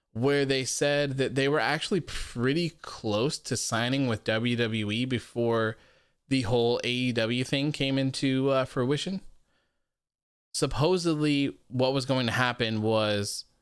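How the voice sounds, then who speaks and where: A man's voice: medium pitch, fairly bright tone, clean tone, dry recording, clean studio sound. Chatty young man hosting a wrestling show. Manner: chatty, reads viewer comments aloud, laughs often. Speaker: host of a wrestling post-show. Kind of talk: casual live-stream commentary.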